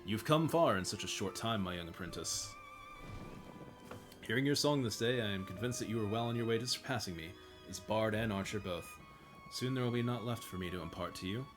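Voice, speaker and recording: A man's voice: fairly low pitch, fairly quick, over music, lightly acted. A man reading the lines of a remorseful older male bard in formal, old-fashioned speech. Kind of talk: reading game dialogue aloud.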